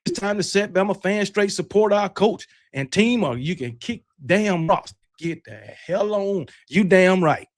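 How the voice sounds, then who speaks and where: Brash male livestream host with a high voice, casual and fired-up, curses freely. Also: a little slow, hardly any pauses. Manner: loose, fired-up and brash, with mild cursing; talks with candy in his mouth. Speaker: host of a college football livestream. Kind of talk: casual live-stream chat.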